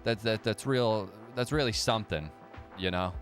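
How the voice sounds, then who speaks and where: Low-voiced male streamer, loose and profane, riffing on chat with faint background music. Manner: profane, sarcastic, fast banter. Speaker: livestream host reading viewer chat. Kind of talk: casual live chat.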